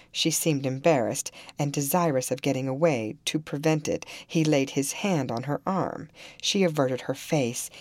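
A woman narrating a classic novel in an expressive, dramatic reading style. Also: deep voice, dry recording. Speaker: audiobook reader. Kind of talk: storybook narration.

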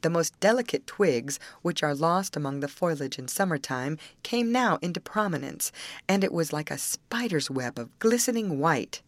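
A woman narrating a fairy tale in a gentle, expressive read-aloud style. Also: sits low, moderate pace, no room sound. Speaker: storyteller. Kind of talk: storybook narration.

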